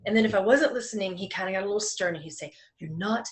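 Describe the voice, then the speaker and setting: A woman psychic medium in casual conversation, animated and laughing often, dropping to a hush when quoting. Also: mid-range voice, very fast. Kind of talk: casual chat.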